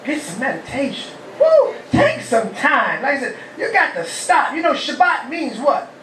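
A rabbi gives a lively call-and-response sermon, asking the congregation questions and shouting praise. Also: male voice, very high-pitched, normal speed, a little hiss or hum. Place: humid, warm house of worship. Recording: echoey hall, mic far off.

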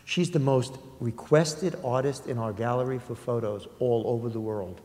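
An older man with a New York accent, an art dealer telling anecdotes in a halting, conversational way with many pauses. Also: medium pitch, a little mellow. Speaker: art dealer in public talk. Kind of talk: conversational storytelling talk. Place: lecture hall. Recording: reverberant hall.

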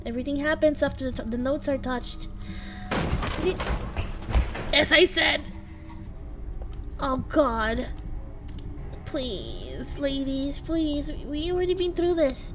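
High-voiced young woman streamer, jumpy and swearing. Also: expressive, slow, pauses often, over music. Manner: jumpy, swears freely, shrieks at scares, teases the game. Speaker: streamer playing a horror game. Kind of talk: casual live gameplay commentary.

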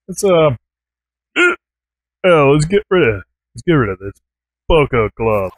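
A man giving rambling, excitable let's play commentary as he plays a game, swearing often. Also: a little high, measured pace, pauses often, dry recording. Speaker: gaming channel host.

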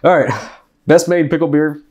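A man's voice: fairly high pitch, steady tone, normal speed, a little mellow. A man vlogging a drink review to camera in a loose, rambling way, joking and laughing often, still reeling from a very hot chip. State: after eating a very hot chip. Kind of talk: casual chat to camera. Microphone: desk mic.

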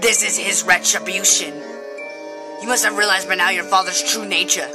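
A woman voicing a mysterious male salesman, speaking slowly in a put-on accent over game music. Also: mid-range voice, steady tone, close to an everyday voice. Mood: ominous. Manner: slow, drawn-out, put-on accent.

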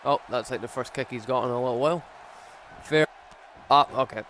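A young man giving excitable let's play commentary on a wrestling game, full of exclamations. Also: mid-range voice, brisk, slight background noise. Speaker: gaming YouTuber.

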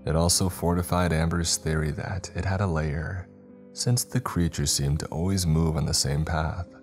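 Deep deep voice guy reading a scary story, calm and measured. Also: soft background music. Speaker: horror story narrator. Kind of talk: scripted narration.

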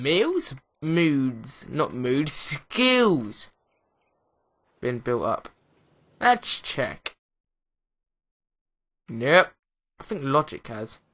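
A young English man talks his way through a video game at an unhurried, drawn-out pace. His voice is bright and ringing, and he rambles excitedly, poking fun at himself as he goes. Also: a little high. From England. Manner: rambling, excitable, self-mocking. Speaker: gaming commentator. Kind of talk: let's play commentary.

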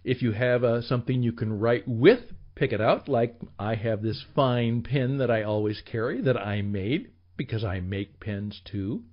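A man's voice: medium pitch, measured pace, few pauses. A man hosting a radio show and teaching a sales formula in an emphatic style, sometimes dropping to a whisper. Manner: emphatic, with dramatic drops to whispers. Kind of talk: animated instructional talk. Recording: slightly dull lo-fi recording.

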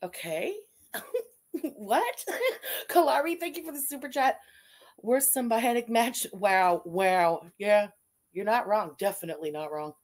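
A woman's voice: mid-range voice, a little slow. A woman with a Canadian accent hosting a casual commentary stream, blunt and sarcastic, swearing freely as she reads out super chats.

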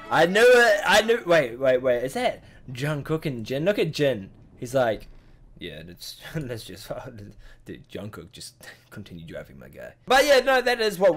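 A man giving excitable, joking reaction commentary, swearing casually as he goes. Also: on the high side. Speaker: YouTuber.

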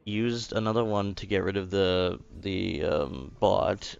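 A man's voice: sits low, slow, vocal fry, smooth, highs cut off. A young man commentating his own card game, angry at himself, swearing and grumbling about a loss. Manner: angry, swearing, self-blaming. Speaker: gaming video host. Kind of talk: frustrated gameplay commentary.

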